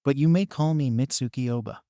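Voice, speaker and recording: A man's voice: medium pitch, fairly quick, mellow, dry recording, natural voice. A man voicing a vain, bullying middle-aged mother who sneers and swears, read in a dry, close sound. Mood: sneering.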